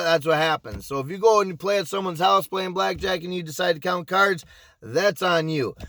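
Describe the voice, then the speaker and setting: With a high-pitched, fairly bright voice and no room sound, an ex-pit boss from a casino tells a story vlog-style. He's crude and direct, curses freely, keeps starting over, repeats himself, and keeps checking "you know what I'm saying?"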